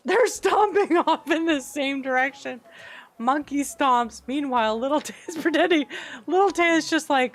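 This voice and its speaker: A young woman streaming a cozy life-sim game, chatting casually with viewers, giggling often and breaking into excited squeals. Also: high voice, normal speed, soft background music. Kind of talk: casual live-stream chat over gameplay.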